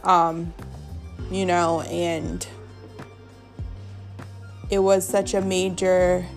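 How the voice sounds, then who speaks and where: A woman's voice: lowish voice, level tone, extremely slow, soft background music. Blunt, gossipy woman podcast host. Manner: gossipy, blunt, swears freely, heavy use of "like". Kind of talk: casual chat.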